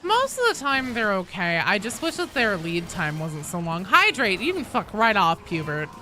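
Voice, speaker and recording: A young adult woman with a medium-pitched voice streams a game at normal speed, chatting casually with viewers while she plays. She's animated and swears freely, and there's a little hiss or hum on the recording.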